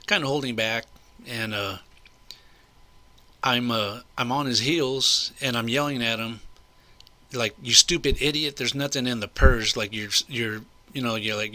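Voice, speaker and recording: A man's voice: mid-range voice, sharp tone. An older man telling a story in a casual, rambling way, indignant and full of asides. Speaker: vlogger recounting a personal incident.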